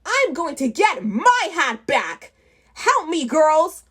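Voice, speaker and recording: A woman voicing a kind, cheerful young female fairy in a storybook reading, gently and sweetly. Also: sits high, sing-song, takes it slowly, voice pushed up, exaggerated voice.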